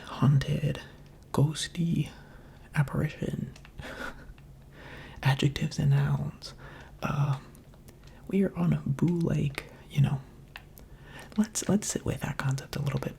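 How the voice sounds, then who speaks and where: A man speaking in a soft, mostly unvoiced whisper, giving chatty, rambling, playful ASMR commentary while he plays a video game, close to the microphone. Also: fairly high pitch, vocal fry. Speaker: gaming ASMR creator.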